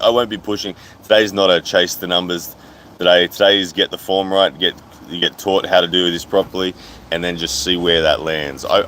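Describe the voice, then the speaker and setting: A man's voice: low-pitched, sharp tone, slight background noise, rough recording. A man hosting a casual livestream, reading out viewer comments as he chats. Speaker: livestream host. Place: outdoors at a hotel poolside.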